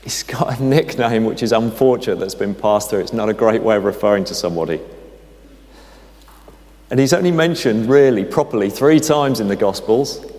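Preacher with a low voice in a reverberant church. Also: male voice, animated, normal speed. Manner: conversational, gently humorous storytelling. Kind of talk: sermon. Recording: long hall reverb.

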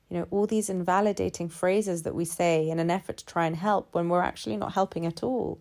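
A woman speaking in a calm, measured reflective monologue, building her points through repeated phrases. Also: on the low side.

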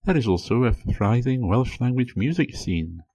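A man hosting an educational podcast, reading a scripted explanation in a measured way and slowing down to pronounce example phrases. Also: medium pitch, expressive, warm tone, husky. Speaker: podcast host.

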